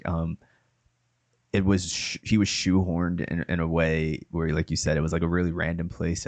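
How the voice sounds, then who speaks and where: A man co-hosting a film review podcast, speaking in a casual, halting way as he gathers his thoughts. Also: low voice, darkish tone, dry recording. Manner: halting, lots of "like" fillers and restarts. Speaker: podcast co-host.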